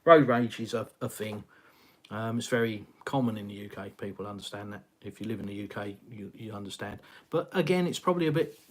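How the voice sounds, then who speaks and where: A man's voice: lowish voice, a little fast. Middle-aged English man, live-stream host; chatty, meandering, lots of fillers. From England. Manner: rambling, conversational, frequent fillers and sighs. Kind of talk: casual live chat reading viewer comments. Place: home, in Russia.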